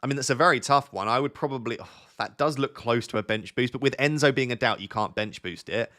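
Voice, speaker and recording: Young man, southern English accent, from Essex, casual live-stream chat, friendly, relaxed, thinking aloud, mid-pitched voice. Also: fast talker. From Essex, England. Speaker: fantasy football streamer. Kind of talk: live stream chat reading viewer questions.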